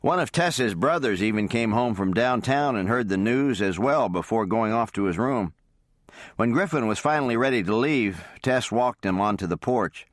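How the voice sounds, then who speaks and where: A man calmly narrating a romance audiobook close to the mic. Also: lowish voice, normal speed, no echo. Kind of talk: scripted narration.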